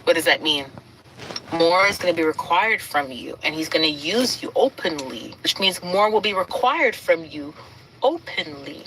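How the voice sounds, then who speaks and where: Woman, preacher, sermon-style encouragement, emphatic, rhythmic repetition, fairly low voice. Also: animated, moderate pace, fairly bright tone, a little hiss or hum, rough recording. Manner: emphatic, rhythmic repeating lists.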